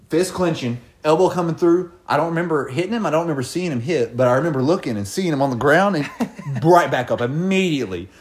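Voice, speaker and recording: A man in his twenties telling stories in casual chat, swearing freely and laughing as he goes. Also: on the high side. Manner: profane, animated storytelling with laughs. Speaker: podcast co-host telling stories.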